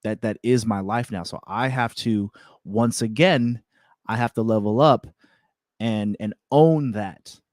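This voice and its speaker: A young man hosting a self-improvement show, telling a personal story in a candid, repetitive, animated way. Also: lowish voice, unhurried, dry recording, studio quality. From California. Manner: candid, repeats words, animated retelling with laughs. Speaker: self-improvement podcast host.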